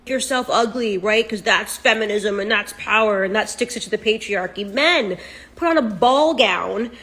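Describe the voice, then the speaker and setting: A woman's voice: mid-range voice, normal speed, fairly bright tone. A woman giving blunt, emphatic opinion commentary in a lecturing tone. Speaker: political commentator.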